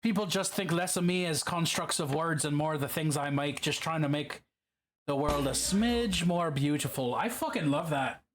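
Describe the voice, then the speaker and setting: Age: unknown. Sex: man. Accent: put-on Irish. Pitch: fairly high. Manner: chatty, profane streamer answering chat. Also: moderate pace, a little hiss or hum. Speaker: livestream host. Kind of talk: casual chat while miniature painting on a livestream.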